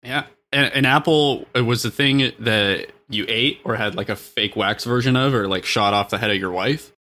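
A man's voice: medium pitch, moderate pace, pushed and bright. A man co-hosting a comedy podcast, playful, slipping into mock-formal talk-show host bits. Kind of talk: improvised comedy banter.

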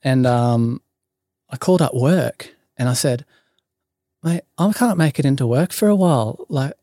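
A man's voice: medium pitch, lively intonation, measured pace, mellow, no room sound, clean studio sound. An Australian man telling a long story in casual chat, full of ums, likes and swearing. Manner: rambling, many ums and likes, swears freely. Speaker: podcast guest.

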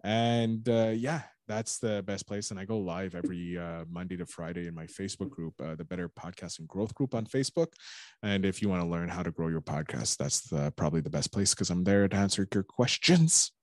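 A man's voice: low voice, fairly quick, dry recording, studio quality. A man from Canada, a joking guest on a podcast who plugs his own channels. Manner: joking, self-promoting. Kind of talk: casual chat.

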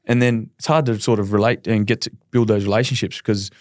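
A quick-talking Australian man in his thirties, a podcast guest, tells his story in a candid, rambling way and acts out the quotes. His voice sits a little low. The sound is dry and close. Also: steady tone, no room sound. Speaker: podcast guest, professional footballer. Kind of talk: casual podcast interview.

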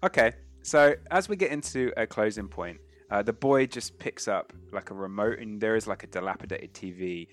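A man's voice: on the low side, expressive, normal speed, few pauses. A man running a tabletop role-playing game as game master, chatty and laughing often.

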